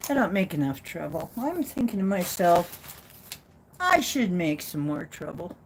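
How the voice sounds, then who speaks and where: A woman with a flat Midwestern accent hosting a casual livestream, rambling and teasing herself playfully. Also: fairly low pitch, measured pace, a little hiss or hum. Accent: Midwestern American. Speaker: livestream host.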